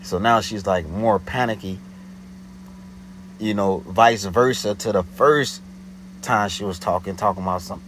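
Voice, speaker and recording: Animated slangy man telling a story. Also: on the low side, normal speed, pauses often, slight background noise, rough recording. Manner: animated, slangy, repeats "you know what I'm saying". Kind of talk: casual storytelling.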